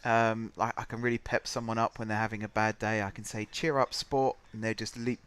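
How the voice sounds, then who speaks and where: Man, playful formal pitch, somewhat low voice, online game chat. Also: little pitch movement, fairly quick, fairly bright tone, clear, resonant tone. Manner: mock-formal, pitching himself like a job applicant. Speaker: player in an online party game. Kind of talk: casual chat over voice call.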